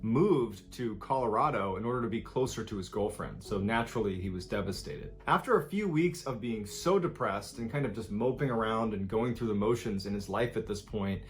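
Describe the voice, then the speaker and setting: A man's voice: on the low side, brisk, hardly any pauses. A man telling true scary stories as scripted narration, with a dramatic delivery that acts out the people in the story.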